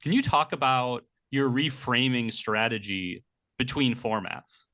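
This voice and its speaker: A man's voice: mid-range voice, a little slow, pushed and bright, no room sound. A man hosting an interview, asking long, detailed, well-articulated questions. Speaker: interviewer host.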